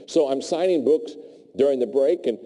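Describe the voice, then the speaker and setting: A man's voice: mid-range voice, moderate pace. A man giving a motivational leadership talk in a large hall, telling stories and acting out the dialogue. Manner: animated storyteller who acts out dialogue. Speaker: leadership speaker. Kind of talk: motivational speech. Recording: long hall reverb.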